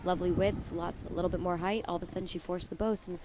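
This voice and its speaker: A woman's voice: lowish voice, fairly even intonation, fast. A woman giving live color commentary on a squash match, often acting out players' thoughts in quotes. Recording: noisy venue audio.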